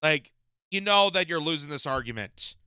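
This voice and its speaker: A man's voice: a little high, animated, moderate pace, sharp tone, smooth, no echo, clean studio sound. A man giving indignant, emphatic reaction commentary on a political interview clip.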